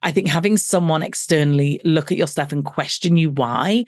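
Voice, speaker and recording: A middle-aged businesswoman who works as a coach appears as an interview guest, animatedly recounting her story and acting out the dialogue with self-deprecating humour. Her voice sits low with a darkish tone and moves at a normal speed. The studio-quality recording has no room sound.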